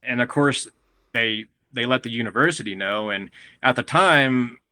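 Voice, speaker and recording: A man from Texas, a guest on a podcast, telling stories in a lively, casual way, often laughing and acting out what others said. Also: mid-range voice, moderate pace, no room sound. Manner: animated, acts out quotes of others, laughs often. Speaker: guest grower and breeder.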